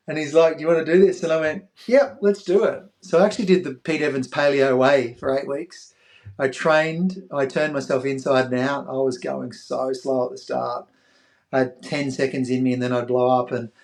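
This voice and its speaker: With a mid-range voice, a middle-aged Australian ex-athlete shares an emotional tale on a podcast. His telling is animated, complete with impressions of other people, and softens during the tender parts.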